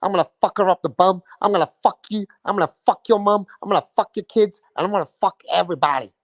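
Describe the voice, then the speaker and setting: A man's voice: high-pitched, fast, dry recording. A man doing a crude, bragging boxer impression. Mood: crude boastful. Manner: crude, lewd bragging in short lines. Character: crude boastful male boxer impression, brash.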